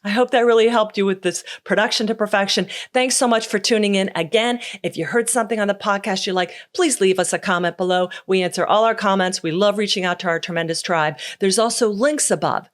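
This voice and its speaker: A woman's voice: medium pitch, fairly quick, hardly any pauses. Woman, middle-aged, podcast host, emphatic, folksy, punchy short lines. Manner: acts out quoted voices in her story. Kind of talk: motivational solo podcast talk.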